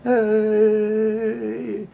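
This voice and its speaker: A man putting on the high, strained voice of a whiny, self-pitying complainer. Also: completely flat delivery, very slow, gravelly, warm tone, lo-fi sound, full character voice. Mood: whining. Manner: high, strained mocking whine.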